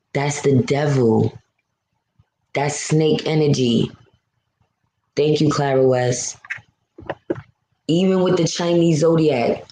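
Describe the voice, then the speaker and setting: A woman's voice: deep voice, dark tone, echoey room, slight background noise, low-quality recording. A woman from New City, hosting a live stream and venting to viewers in a blunt, emotional, profane way. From New York City.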